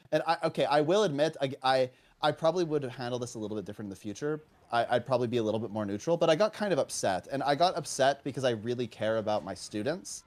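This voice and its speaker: A man's voice: mid-range voice, fast, few pauses. Man telling a classroom story. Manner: animated, acts out both sides of a dialogue. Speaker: teacher. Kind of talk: casual storytelling on a live stream.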